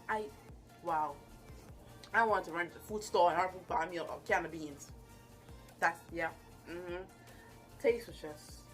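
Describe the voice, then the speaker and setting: Gushing woman reviewing a show. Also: on the low side. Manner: animated and gushing, with playful asides. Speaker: YouTube reviewer. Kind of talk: casual review monologue.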